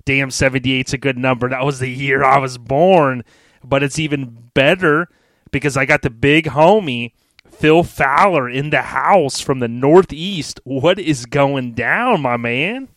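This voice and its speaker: A man's voice: medium pitch, unhurried, a bit bright, dry recording. A man in his forties hosting a podcast, talking in a laid-back, slangy way and laughing often. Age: 40s. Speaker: podcast host. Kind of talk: casual podcast chat.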